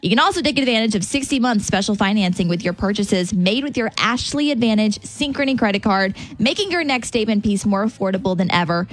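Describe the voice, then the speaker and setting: A woman's voice: medium pitch, brisk, faint music behind. A woman radio host chatting casually and reading a live store ad, correcting herself and stumbling over the fine print. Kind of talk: casual morning radio banter.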